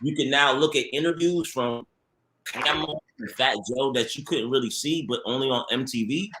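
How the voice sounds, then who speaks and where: Animated guy telling producer stories, bright voice, slangy, roomy echo. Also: medium pitch, normal speed, a little hiss or hum. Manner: animated storyteller, laughs often, slangy. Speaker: TV producer guest. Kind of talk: casual podcast conversation.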